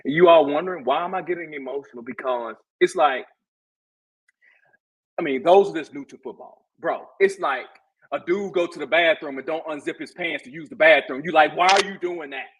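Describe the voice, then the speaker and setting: Here the football talk comes in a husky, somewhat high voice at ordinary speed over a rough recording. The same guest co-host on the casual sports podcast stays passionate and lively, saying things again for emphasis.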